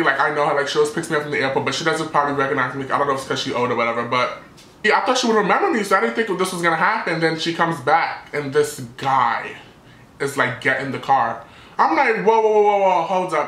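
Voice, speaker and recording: Brief: young male vlogger, fast and bright, animated storytime rant, echoey room. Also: on the high side. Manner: animated, dramatic retelling with quoted voices.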